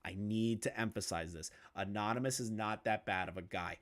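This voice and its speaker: A man's voice: on the low side, normal speed, a bit bright. A heated, cursing male streamer. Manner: heated, profane and repetitive, hammering points home; reads messages aloud and comments on them. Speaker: streamer commenting on online drama. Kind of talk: live stream commentary.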